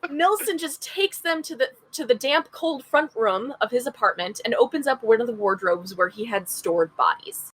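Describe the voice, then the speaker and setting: A woman's voice: fairly high pitch, lively intonation, normal speed, hardly any pauses, a bit bright, slightly rough, poor audio. A woman co-hosting a podcast, retelling a true-crime case in a chatty way, reading passages aloud and adding her own asides. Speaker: podcast co-host. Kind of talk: casual true-crime storytelling.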